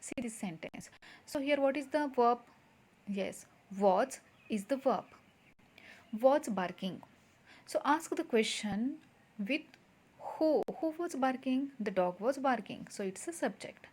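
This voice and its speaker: A woman's voice: sits high, lively intonation, takes it slowly, darkish tone, slightly rough. A woman teaching a grammar lesson to schoolchildren, patiently repeating points and quizzing the class.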